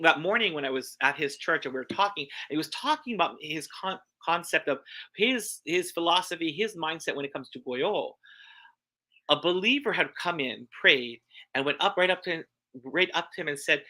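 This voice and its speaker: A man's voice: a little high, animated, fairly quick, bright, forceful tone. A man with a Hawaiian accent giving a church talk, telling personal stories earnestly and repeating phrases for emphasis. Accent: Hawaiian English. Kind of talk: sermon-style personal storytelling.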